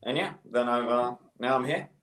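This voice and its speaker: Young man, relaxed, in a roomy echo. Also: medium pitch, moderate pace. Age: young adult. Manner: relaxed, hesitant, many ums. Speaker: guest. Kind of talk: interview answers.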